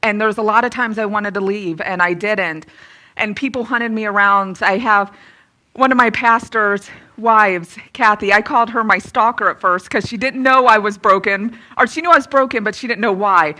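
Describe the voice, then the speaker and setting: Bright-voiced woman in her thirties giving a testimony. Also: mid-range voice, moderate pace. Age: 30s. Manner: candid and self-deprecating, lively when retelling. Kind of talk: personal testimony and Bible teaching.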